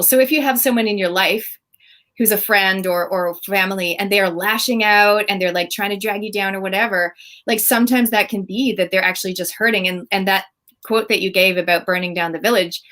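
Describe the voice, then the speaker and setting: A woman's voice: mid-range voice, steady tone, normal speed, fairly bright tone. NZ-woman host, video call, gushing, chatty, loose phrasing. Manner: enthusiastic, chatty with many fillers. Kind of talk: casual chat.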